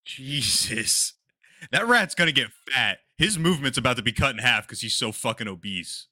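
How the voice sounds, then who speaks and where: A man's voice: medium pitch, expressive, moderate pace, pushed and bright. A man playing in a tabletop game, describing his actions crudely and with gusto. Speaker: player. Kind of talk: tabletop game play, casual.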